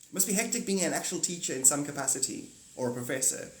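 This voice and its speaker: A man's voice: a little high, animated, fast talker, slight background noise. A man streaming live, rambling through a spiritual monologue, laughing often and slipping into little acted-out skits. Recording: roomy echo.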